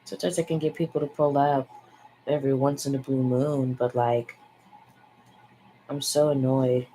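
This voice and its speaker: A young woman with a low voice rambles through a casual vlog chat. She talks frankly, swears freely and lets out sighs between thoughts. A faint hiss sits under the recording. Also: fairly even intonation, fairly quick, warm tone, rough recording. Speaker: vlogger. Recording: faint background noise.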